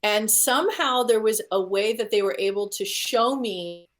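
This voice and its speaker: Woman, interview guest, earnest storytelling, restarts and fillers, vivid detail, medium pitch. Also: moderate pace, a bit bright. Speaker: guest telling her story.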